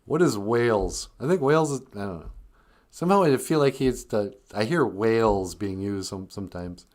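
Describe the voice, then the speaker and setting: A man's voice: fairly low pitch, lively intonation, normal speed, a little mellow. A man hosting a live stream in a casual, rambling way, joking and reading viewer comments aloud.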